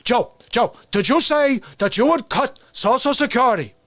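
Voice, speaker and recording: A man's voice: very high voice, lively intonation, normal speed, fairly bright tone, dry recording, pitched above the performer's own voice. A man putting on an impression of an indignant older male senator, insistent and hectoring.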